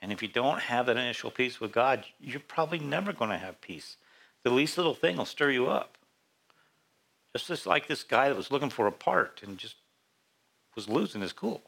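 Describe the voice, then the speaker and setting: Bright-voiced pastor leading Bible study. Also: male voice, mid-range voice, animated, moderate pace, creaky. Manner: conversational, asks the congregation questions. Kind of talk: interactive Bible study sermon.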